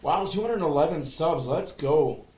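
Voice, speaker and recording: A man hosting a fan livestream, giving excitable casual commentary and chat, often repeating himself and swearing. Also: fairly high pitch, a little slow, reverberant, poor audio.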